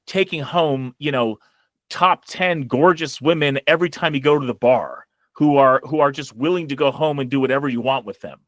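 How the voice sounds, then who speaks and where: A man's voice: medium pitch, a bit bright, no room sound. A man on a casual podcast, reasoning aloud thoughtfully with fillers. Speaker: podcast guest or host.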